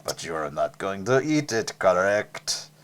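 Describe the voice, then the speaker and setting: A man voicing a vain, eccentric male tinkerer who speaks in halting broken English and is grandly full of himself, in an actual play podcast. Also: sits low, very animated. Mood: coaxing. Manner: halting broken English that drops small words; grandly self-regarding.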